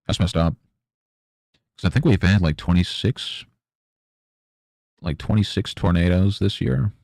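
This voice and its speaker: Young male streamer, deep gravelly voice, dry close mic, rambling sarcastic chat. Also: a little slow, a little mellow, no room sound. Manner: rambling, sarcastic, mocks imagined interviewers in high voices. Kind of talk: casual chat while painting.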